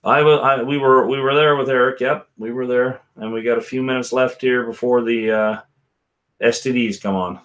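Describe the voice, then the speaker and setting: A man's voice: medium pitch, fairly even intonation, normal speed, a bit bright. A man hosting a casual whisky live stream, rambling and chatting with viewers by name. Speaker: livestream host.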